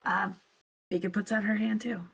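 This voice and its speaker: A woman playing a tabletop game, soft-spoken and hesitant, with a husky voice. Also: mid-range voice, flat delivery, moderate pace. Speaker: player.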